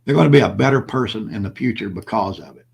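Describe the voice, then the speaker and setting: A man's voice: on the low side, quick pace, gravelly, darkish tone, slightly rough. An older man hosting his own vlog, talking bluntly and preachily to his viewers and repeating his points. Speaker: prepper channel host. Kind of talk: impassioned solo vlog monologue.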